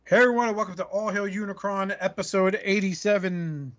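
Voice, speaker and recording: A male podcast host who tells jokey, profane stories in casual banter. His voice sits a bit high for a man. The audio is muffled and lo-fi. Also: fairly quick, soft background music. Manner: joking, profane, animated storytelling.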